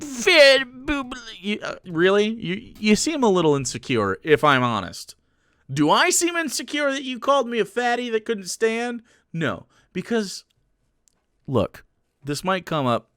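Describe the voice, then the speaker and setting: A male streamer talks to his chat in a crude, combative rant full of sarcastic jabs. His voice sounds smooth and clear, close and dry with no room echo. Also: medium pitch, fairly bright tone. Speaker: livestreamer. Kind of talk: casual livestream rant to chat.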